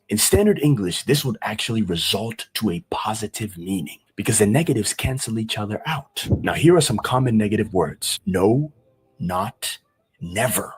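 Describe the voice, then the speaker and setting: A man with a Nigerian Igbo accent teaching a language lesson, slowly repeating example phrases. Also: on the low side, husky. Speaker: online language instructor. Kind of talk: explanatory lesson.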